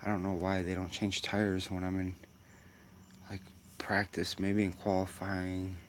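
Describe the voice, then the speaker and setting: A man's voice: low-pitched, completely flat delivery, a little slow, slight background noise. A man giving casual, rambling commentary while sim racing, musing aloud with lots of fillers.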